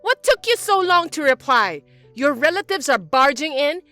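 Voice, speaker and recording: A woman voicing a spiteful middle-aged mother-in-law who scolds and complains loudly in an animated text story. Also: high-pitched, moderate pace, dry recording, soft background music. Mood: scolding. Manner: accusing, loud, whiny.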